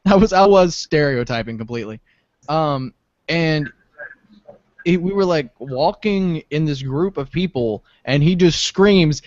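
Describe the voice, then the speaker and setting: Unhurried but expressive, a young male podcast co-host tells stories animatedly and laughs often during casual chat. The recording is dry, with a dull low-fi sound.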